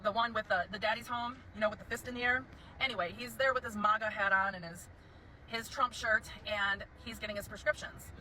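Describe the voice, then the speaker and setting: Quick, high, bright-voiced woman, profane animated storyteller. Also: slight background noise, rough recording. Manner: animated and profane, acts out both sides of a conversation. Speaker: veteran telling a story. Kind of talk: casual storytelling.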